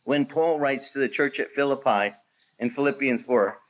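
A man, a pastor, preaching a sermon with lively acted-out quotes and a rising, emphatic delivery. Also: medium pitch, normal speed.

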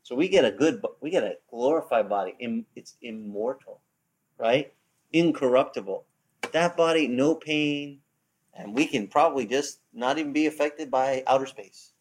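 A man giving an informal Bible teaching, animated and repetitive, acting out the voices he quotes. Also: medium pitch, normal speed. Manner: animated, acts out quoted voices, many restarts. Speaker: pastor.

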